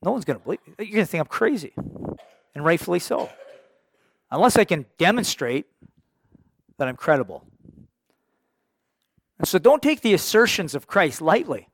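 A man preaching a sermon in an earnest, halting way, full of restarts, building to emphatic rhetorical questions. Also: high-pitched, big pitch swings, slight background noise.

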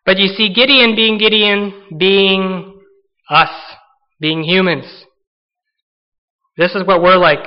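Male pastor, sermon, high voice, earnest and conversational, muffled recording. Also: steady tone, slow, pauses often, clean tone. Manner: earnest, conversational, emphatic with rhetorical questions.

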